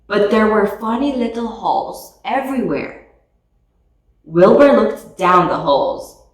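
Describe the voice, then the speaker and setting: A woman reading a picture book aloud with slow, expressive storytelling. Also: medium pitch, far from the mic. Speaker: storybook reader. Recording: echoey room, voice off mic.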